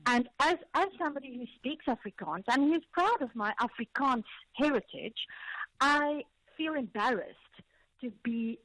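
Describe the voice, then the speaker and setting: South African female radio caller, raised pitch, dry close sound, earnest and firm. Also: lively intonation, normal speed, fairly bright tone, no room sound, low-quality recording. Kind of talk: call-in talk radio.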